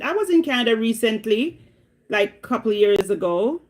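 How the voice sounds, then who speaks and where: A Jamaican woman talks casually to her live viewers, her voice lively and animated. She tells stories with frequent laughter and drifts into chatty asides. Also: on the high side, normal speed. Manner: animated, laughs often while telling stories. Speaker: livestream host.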